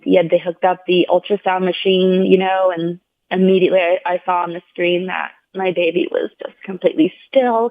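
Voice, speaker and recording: A woman guest recounts a personal story in an earnest, heartfelt way, with many "like"s. She raises her voice to act out the people she quotes. The sound is thin and phone-like, with no room echo. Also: lowish voice. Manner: earnest, heartfelt retelling, heavy use of "like". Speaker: podcast guest. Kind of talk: personal storytelling in a conversational interview. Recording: tinny phone-like sound, dry.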